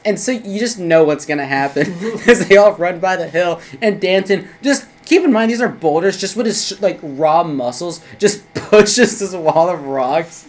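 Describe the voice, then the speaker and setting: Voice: mid-range voice, expressive, unhurried, few pauses. A speaker casually retelling a movie plot in a rambling, filler-heavy way, often laughing. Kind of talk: casual movie recap chat.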